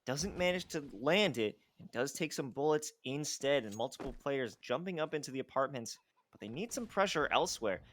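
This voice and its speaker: A man calling live esports play-by-play, excitable, pushing his voice up on big plays. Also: medium pitch, moderate pace, slight background noise. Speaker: play-by-play caster.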